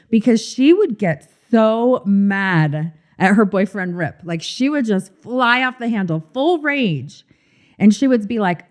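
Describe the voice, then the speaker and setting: A woman co-hosting a marriage coaching podcast, telling stories in an expressive, animated way. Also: mid-range voice, measured pace. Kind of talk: casual podcast conversation.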